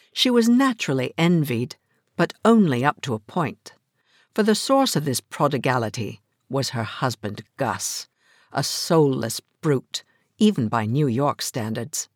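An audiobook narrator telling a story in scripted narration, measured and even. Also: mid-range voice, no room sound, studio quality.

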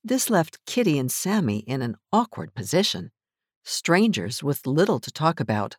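Measured audiobook narrator, dry studio sound. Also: mid-range voice, sing-song, dry recording. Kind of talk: scripted narration.

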